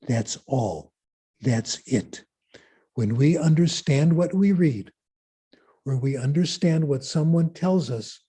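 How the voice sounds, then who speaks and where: Conference speaker, male: unhurried, mellow voice, lectures by posing and answering his own questions. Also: medium pitch, breathy edge. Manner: asks rhetorical questions and answers them. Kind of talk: lecture on language learning.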